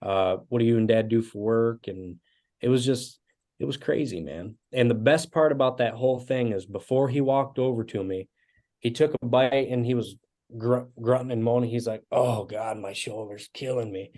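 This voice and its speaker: A man in his twenties, a guest musician, telling animated stories with casual fillers in an interview. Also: mid-range voice, moderate pace. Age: 20s. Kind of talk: storytelling interview.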